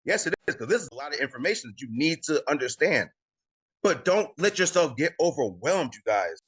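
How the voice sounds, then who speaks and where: A man's voice: fairly high pitch, big pitch swings, brisk, a bit bright, slightly rough. A man coaching a live group call, emphatic and repetitive, often tacking on "y'all". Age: adult with children. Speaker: credit coaching host. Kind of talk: motivational coaching talk on a live video call.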